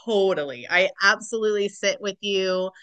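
Bright-voiced woman, earnest healer. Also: medium pitch, moderate pace, clear, resonant tone. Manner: earnest, affirming, spiritual wording. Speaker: guest, Reiki practitioner. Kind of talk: casual conversation.

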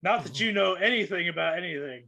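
A man's voice: high-pitched, lively intonation, fast, gravelly, pushed and bright, no room sound. A man narrating as game master of a tabletop game, loose and laughing between lines.

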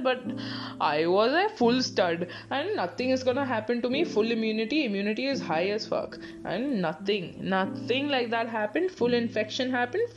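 A woman's voice: fairly high pitch, muffled recording. A young woman from Bangalore with an Indian English accent, hosting a casual solo podcast and telling stories with frequent laughs and swearing. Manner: laughing often, swearing, chatty storytelling. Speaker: podcast host.

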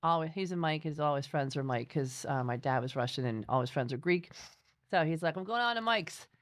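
A woman hosting a casual interview, an animated storyteller who acts out the voices of people she quotes. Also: low voice, a little fast. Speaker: podcast host.

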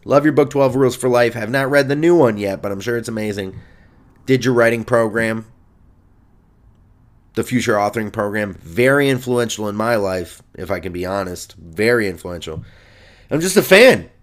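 A brash young male comedian and podcast host rambles through a loose, profane monologue. He swings his pitch up and down a lot as he riffs and boasts for laughs. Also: expressive, a little fast.

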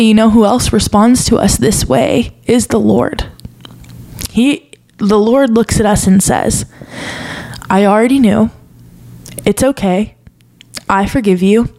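A woman's voice: mid-range voice, mellow. Earnest woman sharing a faith confession. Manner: earnest, confessional, emotional at times. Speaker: podcast host. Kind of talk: personal faith podcast talk.

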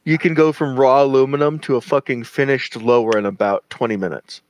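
A man chatting casually on a podcast, laughing along and reacting quickly. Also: mid-range voice, steady tone, poor audio. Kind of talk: casual chat.

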